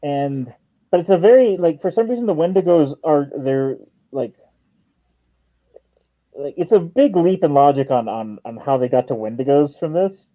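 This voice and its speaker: A man's voice: a little high, normal speed, no room sound, phone-quality sound. A man hosting a stream in casual, joking chat, swearing and laughing often. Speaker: stream host.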